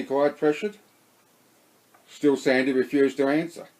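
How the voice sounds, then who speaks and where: Aussie bloke reading his own novel aloud, a bit high voiced, steady read. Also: normal speed, low-quality recording. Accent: Australian. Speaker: narrator.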